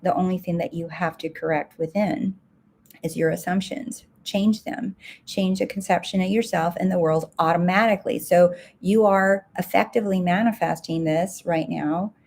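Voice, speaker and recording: A woman's voice: lowish voice, a little mellow. A woman success coach answering viewer comments live, direct and emphatic, repeating her key points.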